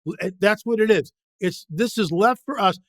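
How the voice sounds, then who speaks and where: A man with a fairly high voice talks as an interview guest, pressing his points with repetition and rhetorical questions. His voice is recorded dry and close, with no room around it. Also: normal speed, no echo. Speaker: guest author and biblical researcher. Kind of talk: impassioned interview talk.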